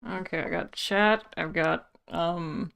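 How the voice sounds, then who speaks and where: Giggly woman streamer, fairly low voice. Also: fairly even intonation, slow, gravelly, fairly bright tone, clear, resonant tone, muffled recording. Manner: giggly and jittery, laughs between lines. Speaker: game streamer. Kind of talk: casual livestream chat.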